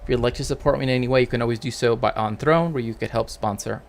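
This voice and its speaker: A man's voice: medium pitch, quick pace, gravelly, slight background noise. Rambling man chatting on a stream. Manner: rambling, checks in with frequent tag questions. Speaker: streamer and cultural historian. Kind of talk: casual livestream chat.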